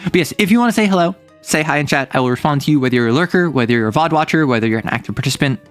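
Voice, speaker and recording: A man's voice: on the high side, animated, very fast. Chatty young streamer man over faint music. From US Northeast, near New York City. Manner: rambling, chatty, many fillers and self-corrections. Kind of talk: casual livestream chat reading chat.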